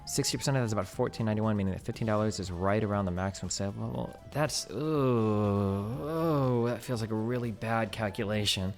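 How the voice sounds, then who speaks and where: Male streamer, low fried voice, reads and picks apart an article, faint music under. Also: fairly even intonation, racing, few pauses. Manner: thinks aloud, questioning, many "like"s. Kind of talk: livestream commentary, reading an article aloud.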